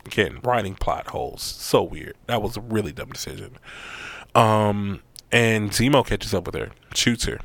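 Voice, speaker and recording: A man giving a casual, profane recap of an episode, animated and acting out the quotes. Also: on the low side, moderate pace, no room sound. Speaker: show recap host.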